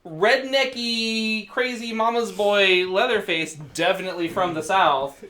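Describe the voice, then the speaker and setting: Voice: mid-range voice, steady tone, a little slow, sharp tone, a little hiss or hum. A player trading playful trash talk over a card game, laughing often.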